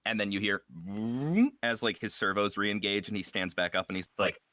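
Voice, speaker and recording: A man's voice: on the low side, flat delivery, brisk, sharp tone, no room sound, clean studio sound. A man playing a tabletop game, casually describing his character's actions with many fillers. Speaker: player.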